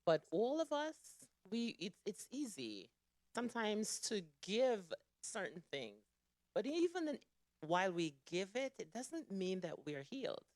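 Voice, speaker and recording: A woman's voice: medium pitch, sing-song, measured pace, a little mellow, dry recording, clean studio sound. A woman speaking earnestly to a church gathering, emphatic as she exhorts them toward healing. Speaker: church member.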